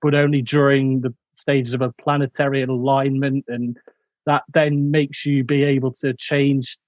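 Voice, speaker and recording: A man's voice: mid-range voice, level tone, normal speed, no room sound, muffled recording. A man chatting casually about a film, rambling with many fillers and restarts. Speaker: podcast co-host.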